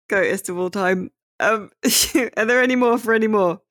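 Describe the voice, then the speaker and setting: A man's voice: high-pitched, fairly bright tone, no echo, studio quality. A man hosting a podcast in casual chat, rambling and hesitant with many fillers. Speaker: podcast host.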